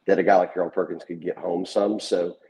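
Male podcast co-host, very deep mellow voice, relaxed storyteller. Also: fairly quick, low-quality recording. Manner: conversational storyteller, retelling player quotes. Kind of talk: casual sports chat.

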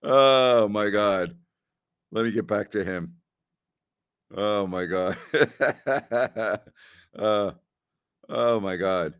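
A man's voice: fairly low pitch, extremely slow, pauses often, a bit bright, smooth, no echo, clean studio sound. A man hosting a podcast, casually answering listener questions and telling rambling stories, often repeating himself and laughing. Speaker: podcast host.

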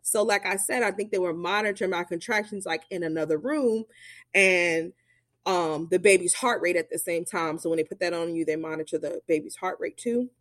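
A woman's voice: lowish voice, brisk, no room sound, clean studio sound. A young adult woman telling a personal story in a chatty way, full of fillers, who acts out the voices of the people she quotes.

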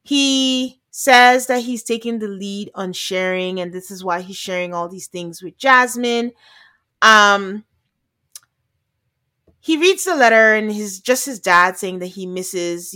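A woman's voice: mid-range voice, unhurried. A woman co-hosting a podcast, recapping a reality show in casual chat, laughing often and quoting people. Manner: chatty, laughs often, quotes people in animated asides.

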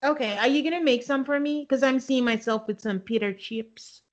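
Woman podcast co-host, chatty, laughs a lot, somewhat high voice. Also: normal speed, highs cut off. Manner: chatty, laughs often, quotes people in her retelling. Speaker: podcast co-host recapping a reality show. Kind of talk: casual chat.

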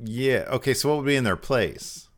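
A man's voice: mid-range voice, animated, normal speed. A man co-hosting a casual live show, reading viewer questions aloud and laughing often. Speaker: podcast co-host reading chat questions. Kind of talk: casual chat.

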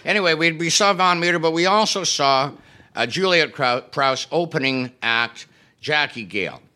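A man's voice: on the high side, lively intonation, moderate pace, pushed and bright. A man telling show-business stories as an interview guest, wry and self-deprecating with comic timing. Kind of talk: anecdotal interview storytelling.

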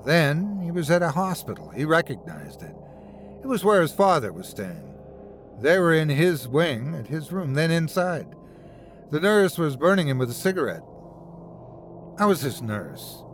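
Male horror narrator, measured and dramatic, slightly higher voice, animated pitch. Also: slight background noise.

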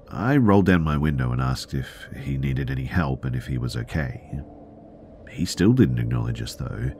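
A man with an extremely deep, low voice reads a spooky story aloud as a podcast narrator. His delivery is measured and deliberate, and at tense moments it sinks into a hushed near-whisper. A faint ambience sits under the voice. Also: creaky, a little hiss or hum. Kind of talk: scripted horror story narration.

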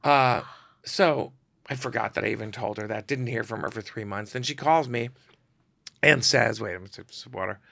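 A middle-aged man spins his stories in a gravelly, bright voice. He swings into the voices of the people he quotes as he goes. The sound is dry and close. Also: mid-range voice, moderate pace, dry recording. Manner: animated, acts out quoted voices. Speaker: guest storyteller, celebrity photographer. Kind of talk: casual storytelling.

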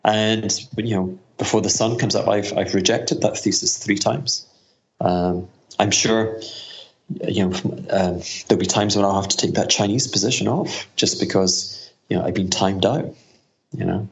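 A man's voice: fairly low pitch, fairly even intonation, moderate pace, vocal fry, muffled recording. A middle-aged man talking as an investor guest in a casual interview, rambling with many restarts and fillers.

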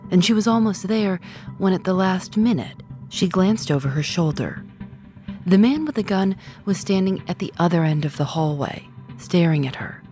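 A woman's voice: on the low side, animated, normal speed, darkish tone, soft background music. A woman narrating a true story in a scripted documentary style, also interviewing guests.

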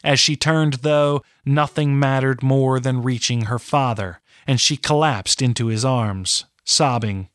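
A man narrating a fantasy novel in a measured, deliberate way. His pace is very unhurried and his pitch is middling. The sound is dry and close. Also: a bit bright, no room sound. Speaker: audiobook narrator. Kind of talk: scripted narration.

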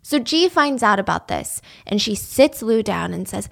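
A woman's voice: mid-range voice, animated, moderate pace, creaky, a bit bright. A young woman telling a true-crime story in a casual, chatty way, full of "like". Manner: chatty, lots of "like".

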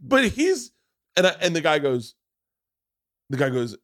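A young adult comedian telling a story in casual podcast chat, jumping into high voices to act out the people he quotes. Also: measured pace, pauses often, dry recording, clean studio sound. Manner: animated, jumps to high pitch acting out quoted people. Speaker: comedian guest.

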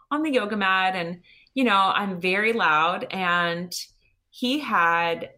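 Woman, interview guest, personal story, chatty fillers, crisp bright tone. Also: lowish voice. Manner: lively retelling with many "you know" and "like" fillers. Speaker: podcast guest.

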